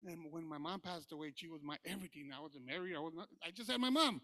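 A man preaching his personal testimony in church, talking informally with many fillers and moving between quiet recollection and loud preaching. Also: on the high side, fast talker, dry recording. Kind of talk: sermon testimony.

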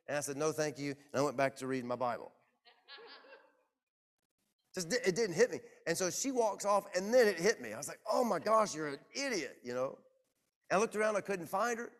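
A man preaching to his congregation, telling a personal story in a lively, self-mocking way. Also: on the high side. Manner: animated, self-deprecating storyteller. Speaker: pastor. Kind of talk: sermon storytelling. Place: church.

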